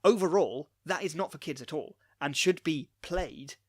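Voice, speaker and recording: A man's voice: a little high, moderate pace, slightly rough, no echo, studio quality. A man co-hosting a casual chat about anime, explaining his views at length in long, thoughtful sentences. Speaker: podcast co-host.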